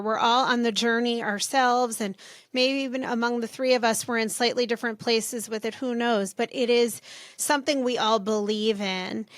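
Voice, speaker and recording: A woman's voice: a little high, fairly bright tone, no room sound, studio quality. A woman podcast host and therapist speaking in casual interview chat, gushing and effusive.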